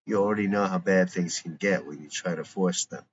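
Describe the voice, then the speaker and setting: Man doing a calm old grandpa, patient, courteous, very deep, faint hiss. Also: fairly quick, highs cut off, natural voice. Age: older.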